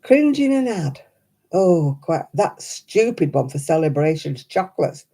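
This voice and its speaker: British lady chatting on a craft livestream, husky, swoops up and down a lot. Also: very animated, a little slow, mellow. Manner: chatty, mimics others in high voices. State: struggling with hand pain. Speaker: livestream host. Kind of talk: casual livestream chat.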